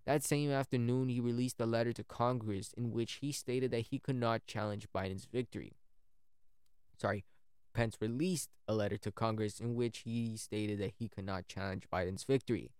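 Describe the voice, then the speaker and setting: A man's voice: mid-range voice, steady tone, normal speed, a little mellow, clear, resonant tone, dry recording, clean studio sound. A man narrating history in a casual way, often stumbling and correcting himself.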